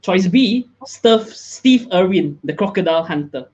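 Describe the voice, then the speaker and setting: Male host, slightly high voice, upbeat chatty, dull online-call sound. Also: expressive, measured pace, darkish tone. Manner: upbeat, chatty, frequent laughs and fillers. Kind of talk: casual live interview chat.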